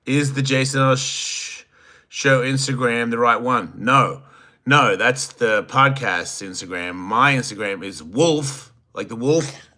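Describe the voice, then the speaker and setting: A man's voice: medium pitch, slow pace, pushed and bright. A man in his fifties with an Australian accent, hosting a casual livestream and joking crudely while reading viewer comments aloud. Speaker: host reading live chat.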